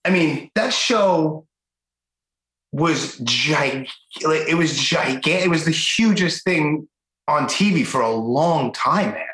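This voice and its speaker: A man's voice: fairly high pitch, expressive, takes it slowly, fairly bright tone, roomy sound, low-quality recording. A man hosting a podcast, chatting in a chummy, enthusiastic way and eagerly asking for stories. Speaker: podcast host. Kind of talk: casual chat.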